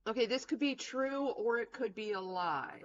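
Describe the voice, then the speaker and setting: A woman streaming a game, reacting with blunt, profane and animated commentary. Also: a little high, moderate pace, muffled recording. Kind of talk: let's play commentary.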